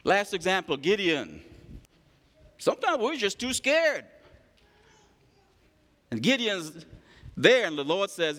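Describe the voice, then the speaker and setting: A male preacher giving an animated sermon, calling on the congregation to respond and acting out stories. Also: sits high, takes it slowly, long pauses. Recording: long hall reverb.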